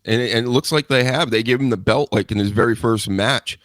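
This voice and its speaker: A male host in loose, joking chat who swears without a second thought. His voice sits in the middle of the male range, and the sound is close and dry with no room echo at all. The talk is relaxed and unscripted. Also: medium pitch, brisk. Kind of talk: casual live show chat.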